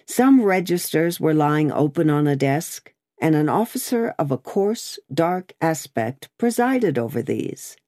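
A woman narrating a classic novel as an audiobook, in a measured storytelling manner. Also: low voice, lively intonation, dark tone, dry recording, clean studio sound.

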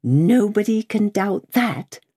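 A woman's voice: mid-range voice, lively intonation, slow, mellow, husky, voice pushed up. A woman voicing a fussy, mild older male bank clerk who speaks cautiously, politely and precisely, as a character in an audiobook. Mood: polite, firm.

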